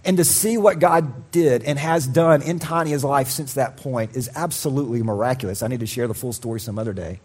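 A man preaching a sermon as pastor, telling a personal story with lively acted quotes and sudden drops to a quiet voice. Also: medium pitch, brisk, hardly any pauses, breathy edge. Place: church.

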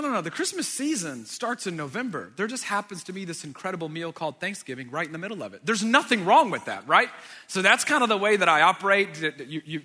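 A man in his thirties, a pastor, telling a personal story in a sermon with animated delivery and loud exasperated outbursts. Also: a little high. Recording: reverberant hall sound.

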